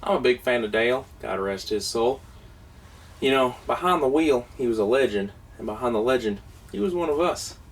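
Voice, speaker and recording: An actor playing a self-important small-time oil boss in a mockumentary comedy, folksy and boastful with a drawl. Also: male voice, medium pitch, animated, moderate pace, lightly acted. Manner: folksy, boastful, easily flustered. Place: cramped old camper. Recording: distant mic, noisy background.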